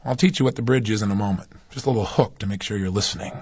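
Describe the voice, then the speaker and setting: A man giving a recorded motivational lecture, emphatic, dropping to low intimate asides and rising to raised intensity. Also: very fast, darkish tone, slightly rough, no room sound. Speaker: self-help speaker.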